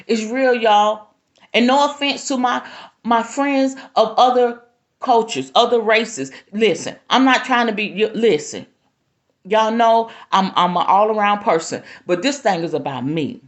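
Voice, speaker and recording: Casting a fervent woman, a high and lively voice, preaching to her live viewers. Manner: emphatic, preacherly, talks straight to viewers. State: near tears at times. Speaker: spiritual teacher hosting a live stream. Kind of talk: impassioned live-stream monologue. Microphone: phone or webcam.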